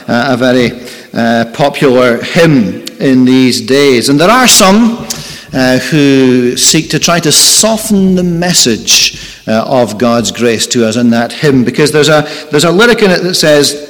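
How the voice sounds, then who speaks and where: A man's voice: medium pitch, lively intonation, unhurried, fairly bright tone. A man preaching a sermon, earnest and emphatic, repeating his key phrases. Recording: long reverb in a large hall.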